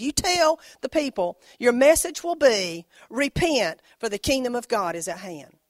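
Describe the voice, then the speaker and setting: A woman from the United States preaching a prophetic sermon, fervent and exhorting, swinging between soft and loud. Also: on the high side, dry recording, clean studio sound.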